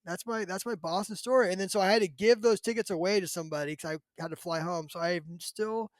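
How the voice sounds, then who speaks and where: High-voiced man telling a rambling story. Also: quick pace, dry recording. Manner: rambling, filler-heavy, animated. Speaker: podcast host. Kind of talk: casual storytelling.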